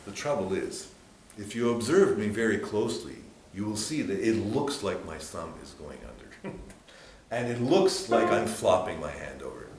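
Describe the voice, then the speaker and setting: A man teaching a piano workshop, explaining hand movements while demonstrating at the piano and breaking into sudden high exclamations. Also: expressive, moderate pace. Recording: echoey room with loud piano. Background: piano playing.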